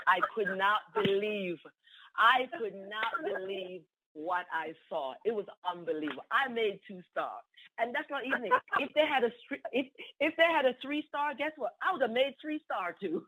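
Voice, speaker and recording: A woman's voice: medium pitch, expressive, normal speed, fairly bright tone. A woman giving an exuberant, repetitive testimonial on a conference call, laughing often. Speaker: team member sharing a testimonial. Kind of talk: excited phone testimonial. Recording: tinny phone line.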